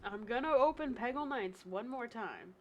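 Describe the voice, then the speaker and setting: Streamer girl with a higher voice, laughing a lot, swearing, stumbling over her words. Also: animated, normal speed. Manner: swears freely, laughs often, stammers when nervous. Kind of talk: casual live-stream chat.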